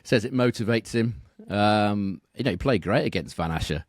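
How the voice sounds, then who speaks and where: A man with a lowish voice talks tennis betting on a podcast. He is steady and measured, reels off statistics, and tacks questions onto the ends of his sentences. The recording is dry and close, with no room sound. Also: no echo. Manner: measured, reels off stats, asks tag questions. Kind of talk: casual podcast analysis.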